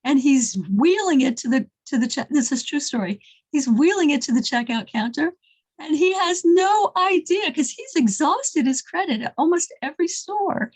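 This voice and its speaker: Animated, high-pitched woman telling a story. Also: poor audio. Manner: animated, restarts often. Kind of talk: casual religious storytelling.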